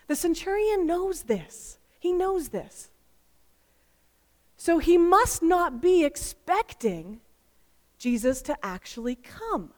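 A woman giving an expressive, emphatic Bible teaching full of rhetorical questions. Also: very high voice, takes it slowly. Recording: long reverb.

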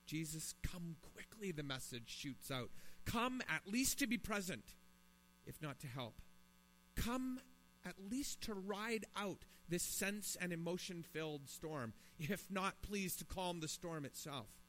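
A man's voice: sits high, expressive, slow pace, a bit bright. Man preaching a sermon in a reverberant hall. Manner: earnest, rising to emphatic pleas. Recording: long reverb in a hall, mains hum.

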